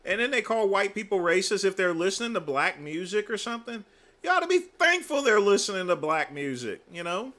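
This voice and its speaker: A male host offers sarcastic commentary on a livestream in a somewhat high, crisp voice. His pitch swings widely, and his delivery turns mocking and exaggerated. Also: very animated, brisk, bright, forceful tone.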